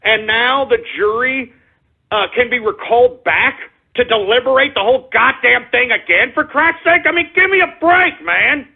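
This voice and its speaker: A man with a very high, husky voice delivers an angry talk radio rant, swearing and shouting at his audience. The sound is thin and tinny, like a phone line. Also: moderate pace. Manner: impassioned, profane, repeatedly shouting at listeners. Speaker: radio show host. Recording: narrow phone-like lo-fi audio.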